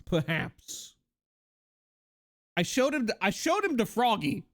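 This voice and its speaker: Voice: medium pitch, sing-song, moderate pace. A livestreamer in casual chat, rambling and joking with many fillers and laughs.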